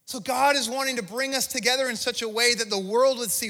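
Pastor guy preaching, really high bright voice, big hall echo, talks straight to the crowd. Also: steady tone, fast talker, few pauses. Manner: impassioned, conversational preaching with restarts. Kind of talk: sermon. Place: church sanctuary.

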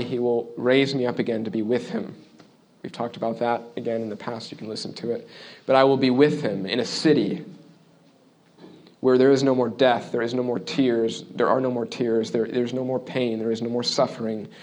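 A man preaching a sermon in an earnest, conversational way, often checking in with the listeners and dropping into quiet asides between louder points. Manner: shifts between loud emphasis and quiet, low asides. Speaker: pastor.

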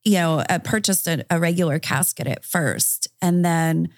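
A woman's voice: lowish voice, moderate pace, dry recording, studio quality. A woman guest on a podcast interview, recounting a personal story in a candid, conversational way, often using fillers.

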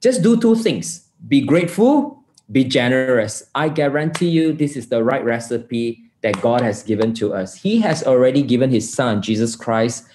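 A man's voice: mid-range voice, moderate pace, hardly any pauses, darkish tone, a little hiss or hum. A man preaching a sermon, telling a personal story in an earnest way and often repeating words. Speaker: pastor. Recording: roomy echo.

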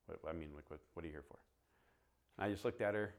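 A man's voice: low voice, fast talker. A man preaching as a pastor, telling a personal story and acting out the conversations with humor. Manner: animated storyteller, acts out dialogue, laughs at himself. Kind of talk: sermon storytelling.

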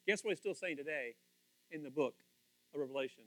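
A man preaching a sermon in a lively, playful way, acting out the people he quotes. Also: sits high, fast talker, no room sound. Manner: animated, playful, acts out quotes in voices. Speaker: pastor.

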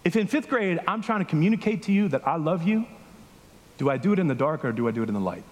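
A man with a fairly high voice preaches in a loose, conversational way, telling stories and checking in with his listeners. His pitch swings widely as he talks. The sound carries a long reverb from a large hall. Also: fast. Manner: animated storytelling, questions to the congregation. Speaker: pastor. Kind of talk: conversational sermon. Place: church hall with a congregation.

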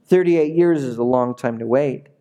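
A man's voice: mid-range voice, moderate pace, mellow. A man preaching a sermon in a conversational way that builds to emphatic peaks. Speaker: pastor.

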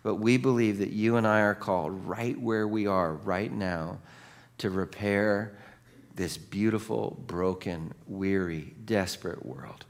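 A male pastor delivers a sermon in a lively, conversational style, mixing jokes with calls for the congregation to answer back. His voice sits on the lower side. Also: a little slow. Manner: jokey, conversational preaching.

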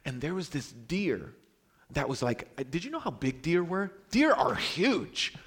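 A young adult man from Brooklyn preaching a sermon, telling stories with dramatic swings between loud exclamations and hushed, quiet lines. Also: a little high, sing-song, a little slow, slightly rough.

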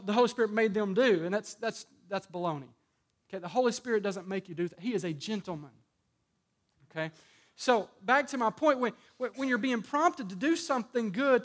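High-voiced man preaching conversationally. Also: a bit bright. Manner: conversational preaching with frequent restarts and acted-out asides. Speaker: pastor. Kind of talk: sermon.

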